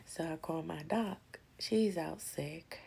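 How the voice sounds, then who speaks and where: A woman telling a personal story in a casual, slangy way, often sinking into breathy whispers. Her voice sits a little low and sounds husky and gravelly. She takes her time with every line. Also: takes it slowly, mellow.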